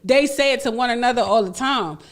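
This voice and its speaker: A woman's voice: fairly high pitch, brisk. Emphatic woman in a heated radio debate. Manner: emphatic, repeats herself when starting a thought. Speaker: radio show co-host.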